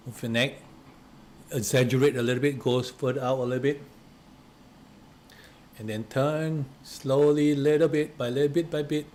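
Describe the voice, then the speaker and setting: A man walks listeners through easy relaxation steps in a mid-pitched voice. He stumbles and restarts his phrases and clears an itchy throat now and then. When he guides the stretches, his voice drops low and soft. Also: level tone, moderate pace, long pauses, a little hiss or hum. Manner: hesitant, repeats and restarts words; drops to a soft, quiet voice while guiding. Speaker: relaxation instructor.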